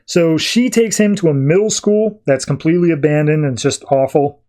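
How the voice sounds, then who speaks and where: A man's voice: on the high side, normal speed, dark tone. A man hosting a podcast, giving a casual comic book review in a wry, self-deprecating way. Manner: wry and self-deprecating, loose recap talk. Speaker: podcast host.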